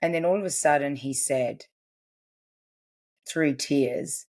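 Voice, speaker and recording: A woman's voice: sits low, slow pace, pauses often, darkish tone. A woman in her forties, a guest on a podcast, telling a personal story in an earnest, emotional and confiding way. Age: 40s. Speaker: podcast guest, family constellations practitioner.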